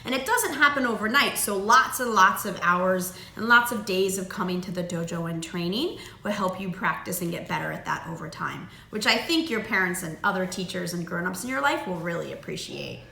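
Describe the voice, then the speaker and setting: A woman's voice: lowish voice, animated, brisk, gravelly, few pauses, sharp tone, roomy sound. A woman karate instructor patiently teaching a child, with lots of encouraging praise. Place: martial arts dojo.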